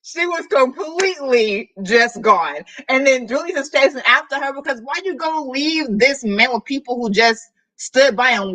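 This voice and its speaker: Woman, book vlogger, casual slangy chat, lively swooping pitch, bright tone. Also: low-quality recording. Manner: animated, chatty, slangy. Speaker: book vlogger hosting a reading sprint.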